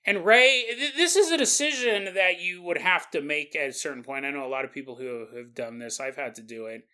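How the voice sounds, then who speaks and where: A man hosting a podcast who narrates a story in an animated way and acts out its characters. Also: on the high side, a little fast, clean tone. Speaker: podcast host.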